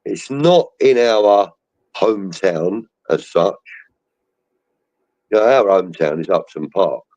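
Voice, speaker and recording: A man's voice: deep voice, lively intonation, slow pace, a little mellow. A man co-hosting a casual chat over a video call, telling rambling football anecdotes and acting out the voices of others. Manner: rambling storyteller, acts out quoted voices. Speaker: podcast co-host. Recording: dull lo-fi stream audio.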